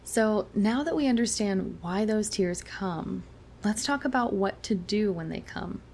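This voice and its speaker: A young adult woman, a chiropractor hosting a wellness talk, explaining in a soft, reassuring way and slowing down for emphasis. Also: medium pitch, expressive, slight background noise. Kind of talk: gentle explanatory monologue.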